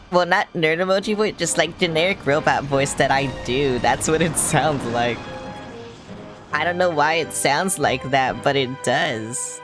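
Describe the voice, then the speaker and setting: A streamer giving casual live commentary over a video game, sarcastic and swearing often. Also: mid-range voice.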